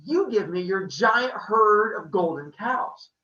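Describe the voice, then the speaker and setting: A man's voice: sits high, expressive, slow pace, bright, forceful tone, roomy sound, far from the mic, lo-fi sound, exaggerated voice. A man doing a cheeky, stubborn boy god. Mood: cunning. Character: mischievous bored young boy god, cheeky.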